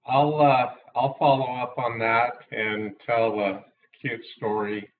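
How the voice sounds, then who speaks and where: A man's voice: medium pitch, level tone, slow pace. A man mentor casually starting a story in an easygoing way. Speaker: youth mentor. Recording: tinny phone line with faint noise.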